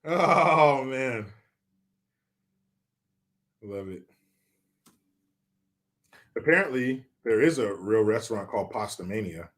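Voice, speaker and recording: A man's voice: medium pitch, expressive, slow, pauses often, fairly bright tone. A man reading viewer comments on a live stream, joking, swearing and mock-outraged.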